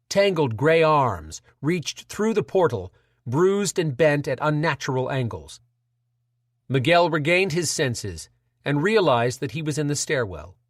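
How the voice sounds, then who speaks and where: A man narrating an audiobook in a dramatic, measured reading. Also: a little high, no room sound, clean studio sound.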